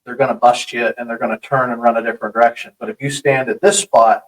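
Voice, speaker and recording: A man hosting a podcast in casual chat, speaking in a halting way with many restarts. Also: medium pitch, fairly even intonation, far from the mic, rough recording.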